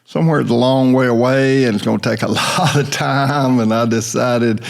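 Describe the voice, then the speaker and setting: A man's voice: mid-range voice, steady tone, normal speed, creaky. An older man hosting a casual podcast chat, rambling along in a folksy storytelling way. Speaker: host.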